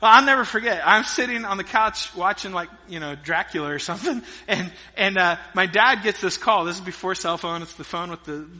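Middle-aged male pastor, animated storyteller, high and piercing tone. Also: fairly quick, hardly any pauses. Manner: energetic storytelling preacher, swinging between loud emphasis and hushed asides. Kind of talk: sermon. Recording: long reverb of a large hall.

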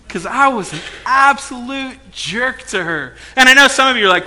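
Male pastor preaching to a congregation, animated storyteller, raises pitch high and voice very bright and cutting. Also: unhurried, slight background noise. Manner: animated storytelling, acts out quotes, swings loud and soft. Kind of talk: sermon. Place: church hall before a congregation.

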